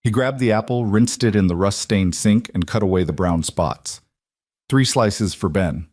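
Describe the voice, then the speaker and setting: A man reading a dramatic story as a narrator, in a steady, even storytelling manner. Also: fairly low pitch, moderate pace, dry recording, studio quality.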